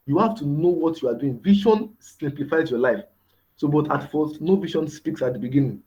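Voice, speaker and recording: In a dull, lo-fi recording, a man with a slightly high, dark voice gives a brisk motivational mentorship lecture. He repeats key words for emphasis and asks rhetorical questions.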